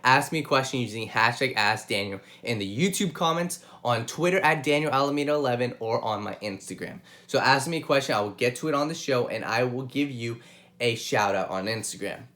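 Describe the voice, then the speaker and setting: A young man hosts his own sports show, delivering solo commentary and opinion straight to viewers. He speaks fairly quickly in a medium-pitched, pushed, bright voice with lively intonation, impassioned and repeating points for emphasis.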